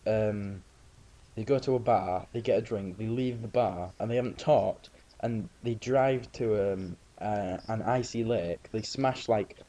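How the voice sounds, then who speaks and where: A man's voice: fairly low pitch, dark tone. A man chatting casually about films, rambling through anecdotes.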